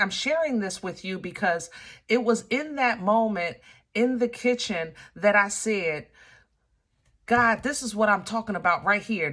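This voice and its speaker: A woman's voice: medium pitch, fairly bright tone. A woman giving a casual spoken tarot reading, testifying like a preacher and checking in with her listeners. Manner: preachy and testifying, checks in with "okay?" and "you understand?"; playful asides and laughter between serious points. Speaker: tarot reader.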